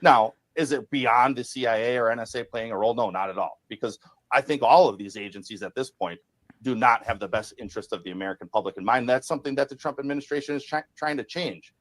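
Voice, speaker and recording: Measured man answering in a played clip. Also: medium pitch, rough recording. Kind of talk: interview answer.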